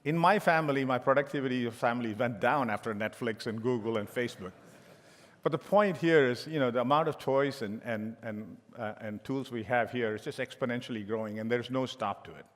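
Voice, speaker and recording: A man's voice: mid-range voice, a little fast. A middle-aged man giving a conference keynote as a tech executive, telling joking anecdotes with frequent restarts. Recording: long hall reverb.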